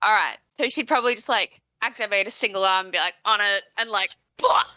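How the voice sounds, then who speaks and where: A woman with a bright, crisp tone talks through her character's actions in quick, casual bursts. The sound is dry and close. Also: medium pitch, dry recording, poor audio. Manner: quick, chatty, describing her character's moves. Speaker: player. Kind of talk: casual tabletop play.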